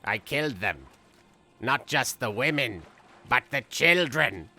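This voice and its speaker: A man voicing a goofy, unhinged young male villain as he comments on a game, rambling through silly jokes with sudden shrill outbursts. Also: big pitch swings, slow, gravelly, bright, forceful tone, faint music behind, exaggerated voice. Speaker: gameplay commentator. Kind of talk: comedic let's-play commentary.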